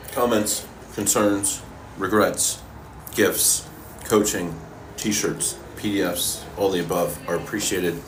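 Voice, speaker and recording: A man coaching fitness and answering viewers' questions in a relaxed, casual way while eating, sometimes talking with his mouth full. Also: deep voice, slight background noise. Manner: relaxed, talks with his mouth full, pauses mid-sentence.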